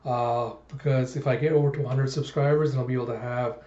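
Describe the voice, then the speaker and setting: A man's voice: mid-range voice, steady tone, quick pace, dark tone. A man hosting a manga read-through channel, chatting casually and rambling with many fillers. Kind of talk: casual chat to camera. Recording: dull, echoey home recording.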